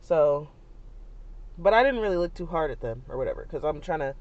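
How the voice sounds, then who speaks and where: A young woman, a mother, telling a family story in a chatty, animated way, with many fillers and frequent laughs. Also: low voice, brisk. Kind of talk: casual storytelling vlog. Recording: dull lo-fi sound.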